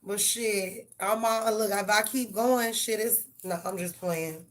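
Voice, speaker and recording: A woman's voice: medium pitch, fairly even intonation, measured pace, noisy background. A middle-aged woman, giving tarot readings on a live stream and talking blunt and profane to her viewers. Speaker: tarot reader.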